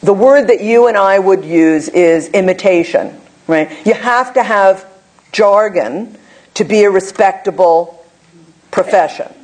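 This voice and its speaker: A woman's voice: mid-range voice, unhurried, a little mellow. Woman presenter, mid-range voice, conversational lecture style, wry and chatty, leans on tag questions. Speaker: behavior analyst presenter. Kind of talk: conversational academic talk.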